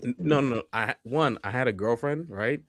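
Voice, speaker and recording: A man's voice: mid-range voice, normal speed, no echo, clean studio sound. A man telling a personal anecdote on a talk show, acting out scenes and checking in with "right?" and "okay?". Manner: animated, acts out scenes, repeats "right?" and "okay?". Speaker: guest storyteller. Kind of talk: casual anecdote on a podcast.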